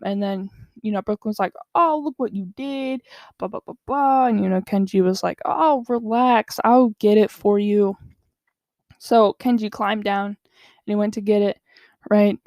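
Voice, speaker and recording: A woman's voice: medium pitch, warm tone, dry recording, clean studio sound. Rambling woman recapping an episode. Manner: rambling with many fillers and asides; acts out characters' lines in quick bursts. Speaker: show recapper.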